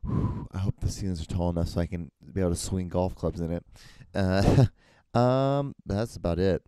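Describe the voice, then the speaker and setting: A man's voice: low-pitched, normal speed, mellow, smooth, dry recording. A man hosting a solo podcast, talking casually and ranting with heavy swearing. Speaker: podcast host.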